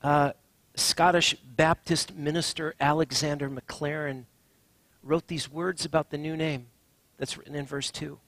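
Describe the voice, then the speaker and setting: A man preaching a sermon as a pastor, swinging from hushed, drawn-out phrases to emphatic lines. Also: on the high side, steady tone, no room sound.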